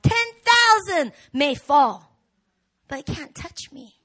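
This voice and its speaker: A woman pastor preaching a sermon, animated and rising to shouts in the swells of her message. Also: sits high, slow. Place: church hall.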